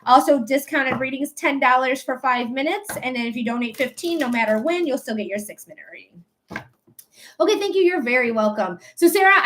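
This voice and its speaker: Woman, high voice, casual livestream psychic host, affectionate, rambly. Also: fairly bright tone. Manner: affectionate toward viewers, calls them my love; rambling, with many fillers and restarts.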